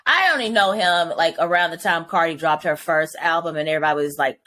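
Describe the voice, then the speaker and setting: A woman's voice: sits low, quick pace, sharp tone. A woman co-hosting a podcast in casual chat, blunt and joking with a slangy manner. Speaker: podcast co-host. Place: Atlanta.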